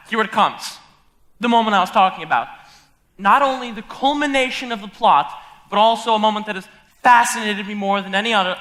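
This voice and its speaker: A man's voice: high voice, pushed and bright. A young man playing a lonely theatre lover who talks wistfully to the audience about an old cast record, in a school stage musical. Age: young adult. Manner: confiding, wistful, rambling. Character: lonely theatre-loving man narrating from his chair. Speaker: stage actor. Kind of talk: live stage musical acting.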